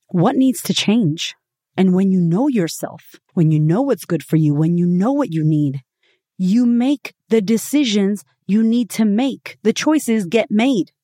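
A woman's voice: mid-range voice, a little mellow, dry recording. A woman delivers a motivational podcast talk, blunt and full of swearing. She keeps firing rhetorical questions at the listener and hammers her points with emphatic phrasing. Her voice is dry and close, with no room sound around it. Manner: emphatic, swinging between punchy and drawn-out phrases. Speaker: podcast host.

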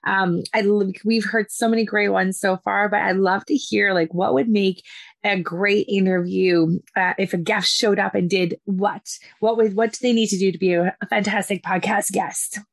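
A woman's voice: mid-range voice, fairly even intonation, normal speed, vocal fry, dry recording. Enthusiastic woman asking interview questions, dry close sound. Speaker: podcast interviewer. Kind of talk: casual interview chat.

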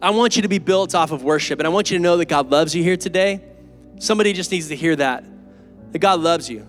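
A pastor preaching an earnest, emphatic and conversational sermon in a church. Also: male voice, on the high side, quick pace, soft background music. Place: church sanctuary.

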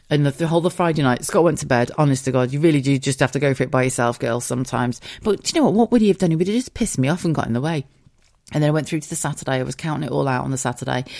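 A woman host frankly telling a personal story in a casual, animated way, with swearing and laughter. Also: deep voice, no room sound, studio quality. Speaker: podcast host.

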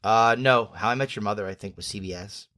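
A man co-hosting a podcast, chatting casually and rambling with many pauses and fillers. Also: lowish voice, sharp tone, no room sound, clean studio sound. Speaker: podcast co-host. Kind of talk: casual chat.

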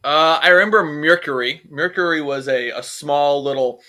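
Man, podcast co-host, bright voice, slightly high, joking, rambling. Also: moderate pace. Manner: joking, rambling, swears freely. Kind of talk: casual comedic chat.

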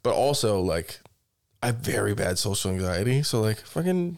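Animated man in his thirties, swearing a lot. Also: lowish voice, moderate pace, vocal fry. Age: 30s. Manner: swears constantly, animated storytelling. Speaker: podcast co-host. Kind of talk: casual chat.

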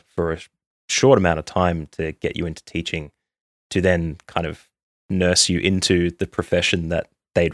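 A man hosting a podcast interview, enthusiastic and a little halting. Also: deep voice, no room sound, clean studio sound. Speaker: podcast host.

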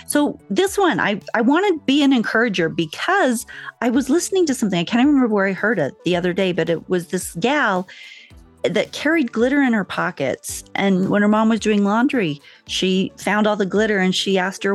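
A woman's voice: medium pitch, lively intonation, brisk, faint music behind. A woman co-hosting a podcast, telling stories in an enthusiastic, emphatic way. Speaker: podcast co-host. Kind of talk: casual chat.

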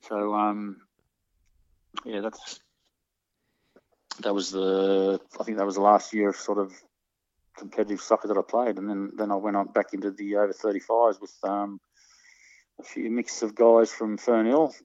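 A man reminiscing about his football days in a casual interview, halting often with ums and false starts. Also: fairly low pitch, level tone, darkish tone, dry recording. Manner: hesitant, many ums and restarts. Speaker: interviewee, former soccer player. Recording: dull, muffled recording.

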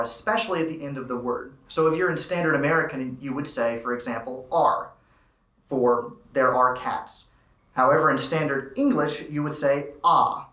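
A male high school student earnestly explaining stage dialects and his favorite song in a musical. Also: pushed and bright, roomy sound, rough recording. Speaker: student actor.

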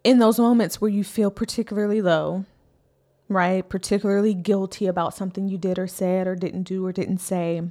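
A woman's voice: mid-range voice, steady tone, moderate pace, dark tone. A woman in her thirties giving an earnest, encouraging faith-based parenting talk as a coach, repeating key lines for emphasis.

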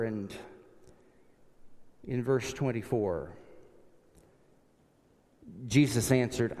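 Slow-speaking male preacher in a reverberant church. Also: mid-range voice. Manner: slow, reflective, drops soft on prayers. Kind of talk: sermon. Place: church sanctuary behind a pulpit.

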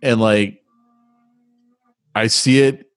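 A man's voice: lowish voice, very slow, dry recording. A man co-hosting a podcast, chatting casually and telling self-mocking stories with quoted voices. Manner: self-mocking storyteller with lively put-on quotes. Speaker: podcast co-host. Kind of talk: casual chat.

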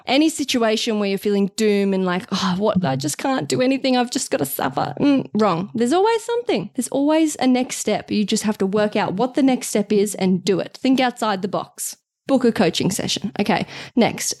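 A woman's voice: medium pitch, animated, darkish tone, no room sound, clean studio sound. A woman co-hosting a podcast, chatting casually and teasing her co-host with jokes and laughter. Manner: teasing, joking, quick to laugh. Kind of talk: casual chat.

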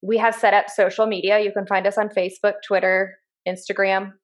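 A woman's voice: mid-range voice, flat delivery, fairly quick. A woman in her thirties co-hosting a casual podcast, chatty and earnest, laughing often. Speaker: podcast co-host. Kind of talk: casual chat.

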